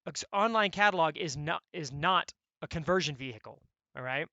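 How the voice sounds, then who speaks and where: A man coaching members on online sales funnels, talking in an energetic, blunt, conversational way and often checking in with "right?". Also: on the high side, brisk, dry recording, dull audio. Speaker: e-commerce coach.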